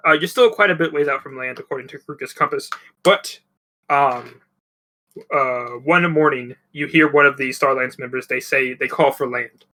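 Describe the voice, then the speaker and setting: A man's voice: mid-range voice, moderate pace, pushed and bright, poor audio. A man running a tabletop game as game master, narrating loosely with many ums and restarts. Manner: rambling with many fillers.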